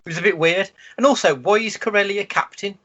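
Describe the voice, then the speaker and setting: Wry man, slightly high voice. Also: fast talker, pushed and bright. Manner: wry and sarcastic. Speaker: podcast co-host. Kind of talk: casual film-review chat. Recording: dull lo-fi podcast audio.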